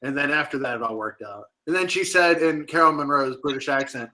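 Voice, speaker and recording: A man co-hosting a casual chat, telling animated stories and acting out quotes. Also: fairly high pitch, fast, reverberant, distant mic, rough recording. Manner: animated storytelling, acts out quotes. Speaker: co-host.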